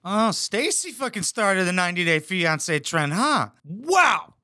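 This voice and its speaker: A man delivers mocking, profane reaction commentary with a bright, sharp-edged tone. His pitch swings widely as he roasts what he watches. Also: sing-song, unhurried, hardly any pauses. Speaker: reaction video host. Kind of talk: mocking commentary over clips.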